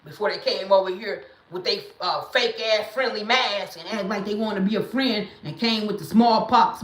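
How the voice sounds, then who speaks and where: A woman hosting a livestream in casual talk, blunt and emphatic, sometimes rising into loud preaching bursts, speaking into a phone or webcam. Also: fairly high pitch, echoey room. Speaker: livestream host.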